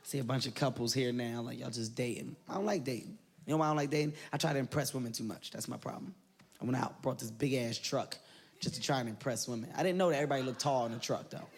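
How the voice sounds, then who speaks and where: A young man doing an animated, profane stand-up routine on stage in front of a live audience. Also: mid-range voice, fast talker. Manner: animated, loud and profane, jumps into voices. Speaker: stand-up comedian. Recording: live comedy club with audience noise.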